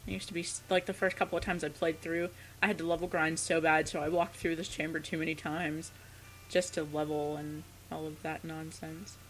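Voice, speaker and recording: A woman's voice: deep voice, level tone, brisk, a little hiss or hum, poor audio. Chatty young woman narrating gameplay. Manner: chatty, lots of fillers. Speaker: let's play host. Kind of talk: casual gameplay commentary.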